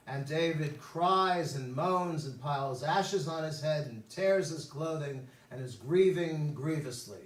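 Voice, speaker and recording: Male rabbi teaching a Bible class, joking storyteller; slightly high voice, roomy and distant mic. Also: a little slow, hardly any pauses. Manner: wisecracking storyteller, chatty asides. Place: temple room.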